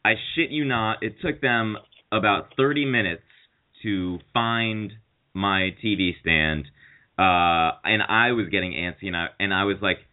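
A man's voice: on the low side, measured pace. A man casually telling a long, rambling anecdote in a chat show, swearing freely and acting out what other people said. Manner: rambling, profane anecdotes with acted-out quotes. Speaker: podcast co-host. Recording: tinny phone-like audio.

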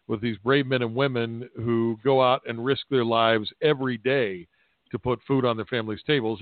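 A man's voice: mid-range voice, dry recording. A man hosting a podcast interview, asking long, rambling questions. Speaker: podcast host. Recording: tinny phone-like audio.

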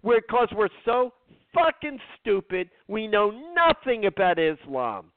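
Man ranting slow and swearing a lot, lively highish voice, dry tinny phone sound. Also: a little hiss or hum. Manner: blunt and profane, heated. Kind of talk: angry political rant.

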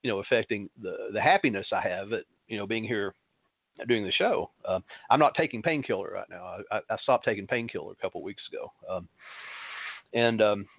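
A middle-aged man, a pastor hosting a show, giving a reflective spiritual talk in a halting way, pausing often and repeating words. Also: on the low side, expressive, vocal fry, no room sound. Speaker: pastor and podcast host. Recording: dry, narrow phone-like sound.

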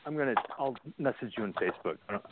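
A man's voice: medium pitch, animated, fast talker. A man calling in to a casual chat, talking hesitantly with many restarts. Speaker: caller. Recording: tinny phone line with faint noise.

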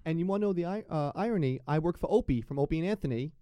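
A man hosting a podcast interview, bantering quickly and jokingly about sports. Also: on the high side, expressive, dark tone, clear, resonant tone, no room sound. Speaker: podcast host.

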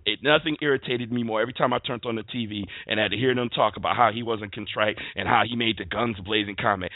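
A man's voice: lowish voice, fast talker, hardly any pauses, dry recording. A man hosting a sports talk show, ranting emphatically about football. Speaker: show host. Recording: dry phone-like line.

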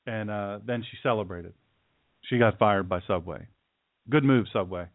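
A man's voice: on the low side, normal speed, no room sound. A man hosting a talk radio show, delivering an opinionated, sarcastic monologue. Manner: sarcastic, mocking, puts on caricature voices. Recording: dry, phone-like radio audio.

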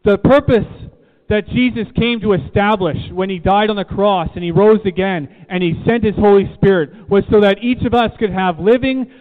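At normal speed and with few pauses, a man with a voice that sits high gives an emphatic sermon, repeating key phrases and questioning the congregation. Recorded in a church room, it sounds tinny like a phone and carries a long reverb.

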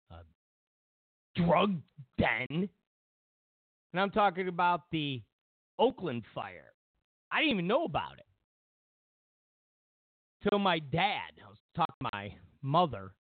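A man's voice: on the high side, big pitch swings, takes it slowly, pauses often, no room sound, narrow, tinny audio. A male show host telling a meandering, opinionated story, full of fillers and restarts. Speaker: host of political commentary show. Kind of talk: rambling opinionated monologue.

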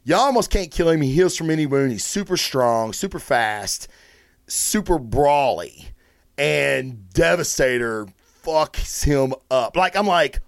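Excitable, swearing man reviewing comics. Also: on the high side, measured pace, gravelly, no room sound, studio quality. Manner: excitable, rambling, swears freely. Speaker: host of a comic book review show. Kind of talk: casual solo review talk.

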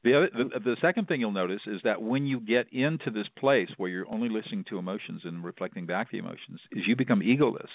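A low-pitched middle-aged man speaks in an earnest, explanatory way, often repeating words as he restarts his sentences. The sound is dry and narrow, like a phone line. He is a mediator answering interview questions. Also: fast, hardly any pauses, dry recording. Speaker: mediator, guest.

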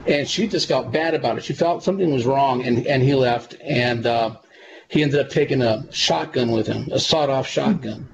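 A man being interviewed, talking in long, earnest, meandering stretches full of "uh" and "you know." His voice sits at an everyday middle pitch. The audio is dull and lo-fi, with plain background noise running under it. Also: moderate pace, vocal fry. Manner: rambling, earnest, many fillers. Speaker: psychic medium guest. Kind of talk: casual interview storytelling.

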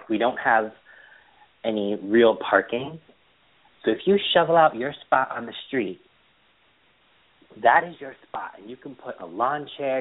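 A man chatting casually as a podcast co-host, telling animated stories about his weekend. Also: mid-range voice. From Boston area. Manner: chatty storyteller, animated retellings. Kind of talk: casual chat. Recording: tinny phone-line audio.

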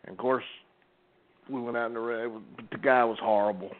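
Brisk and steady in a mid-range voice, the older former referee swaps folksy wrestling stories in a relaxed podcast chat, frequently restarting. The recording sounds narrow, as if over a phone.

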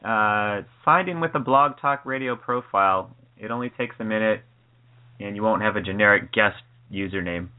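A man co-hosting a call-in internet radio show, chatting casually with dry, deadpan humor. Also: lowish voice, moderate pace, smooth. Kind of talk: casual chat. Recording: phone-like band-limited audio.

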